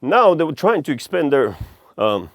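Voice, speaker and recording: A man's voice: on the high side, very animated, moderate pace, no room sound. A man from Russia with a Russian accent, delivering a blunt, profane, heated monologue to camera as a vlogger.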